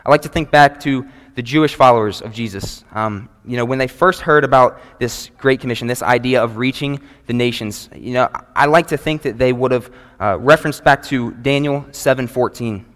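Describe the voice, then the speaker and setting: A man, preaching a sermon to a congregation in an earnest, measured way and reading scripture aloud. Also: medium pitch, a bit bright. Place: church sanctuary before a congregation. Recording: long reverb of a large hall.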